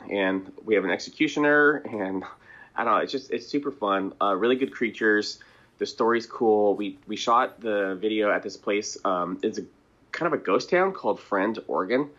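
Low-voiced chatty man, lo-fi audio. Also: a bit bright. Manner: rambling, chatty, chuckles and clears throat. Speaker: band member, interview guest. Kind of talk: casual interview conversation. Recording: dull lo-fi audio.

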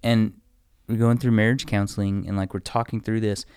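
A man co-hosting a podcast, speaking in a measured, reflective and slightly halting way. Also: on the low side, little pitch movement, a little mellow, clean tone, no echo, studio quality. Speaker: podcast co-host. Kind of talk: casual conversation.

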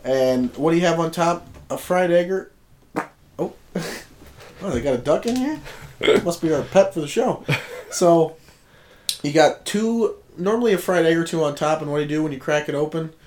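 A man's voice: fairly high pitch, moderate pace, long pauses, a little mellow, slight background noise. A man co-hosting a casual podcast, talking in a laid-back, joking way. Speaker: podcast co-host. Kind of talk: casual chat.

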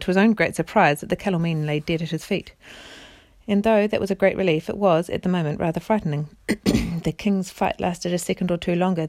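A parent reading a children's storybook aloud in a steady narrating voice, with small stumbles and the odd throat-clear. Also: female voice, fairly low pitch, dry recording, clean studio sound.

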